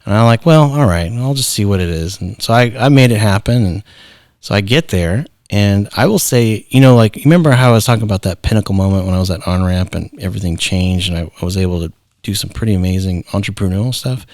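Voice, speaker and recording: Low-voiced man telling animated stories. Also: fast, no room sound, clean studio sound. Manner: animated storyteller acting out quoted voices. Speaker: guest, founder and artist. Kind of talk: casual storytelling interview.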